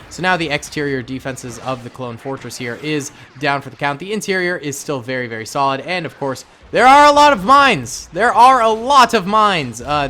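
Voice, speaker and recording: A man giving casual, excitable commentary on a battle simulation game, gleeful with frequent exclamations. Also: mid-range voice, slight background noise. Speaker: gameplay commentator.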